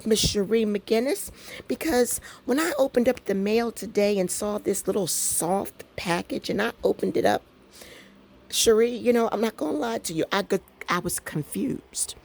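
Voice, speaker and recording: A woman's voice: mid-range voice, darkish tone, husky. A middle-aged woman, telling a story to her viewers at home with lots of laughter and y'all. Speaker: craft vlogger. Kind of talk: casual chat to camera.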